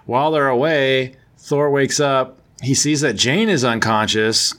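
A man with a fairly bright, mid-range voice and a measured pace walks through a comic book story as a podcast host. He talks casually and meanderingly, with plenty of fillers and corrections of himself.

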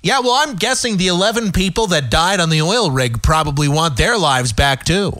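Man, radio talk host, sarcastic rant, lively pitch, dry close mic. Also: normal speed, no room sound. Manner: sarcastic, animated ranting. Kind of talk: opinionated talk radio monologue. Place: radio studio.

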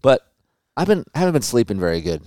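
A man in his forties hosting a podcast, telling stories in a casual, animated way with plenty of swearing. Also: mid-range voice, fast talker, dry recording. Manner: animated storytelling with profanity. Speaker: podcast host. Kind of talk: casual chat.

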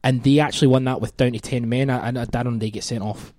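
Scottish man, young adult, podcast host, casual football banter, teasing, medium pitch, dry close sound. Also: steady tone, fast, a little mellow, no echo. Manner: bantering, teasing, swears freely.

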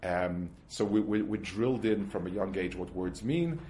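A man's voice: sits low, dark tone, a little hiss or hum. A man teaching a religious text class, explaining step by step with everyday examples and often restarting his sentences. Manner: halting, with frequent restarts and worked examples. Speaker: Torah teacher.

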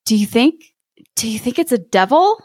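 A woman's voice: fairly high pitch, sing-song, moderate pace, dark tone, no room sound, studio quality. A woman voicing a timid, fretful peasant wife. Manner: anxious, hesitant.

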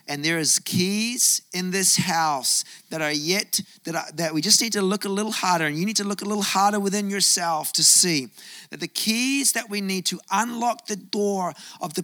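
Bright-voiced man preaching a sermon. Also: fairly high pitch. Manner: storytelling, rising to emphatic bursts. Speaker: pastor.

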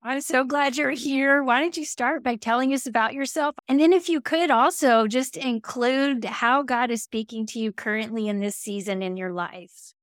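A woman's voice: on the high side, moderate pace, hardly any pauses, no room sound, clean studio sound. Enthusiastic woman hosting a podcast. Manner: warm, enthusiastic welcoming. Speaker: podcast host. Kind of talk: casual chat.

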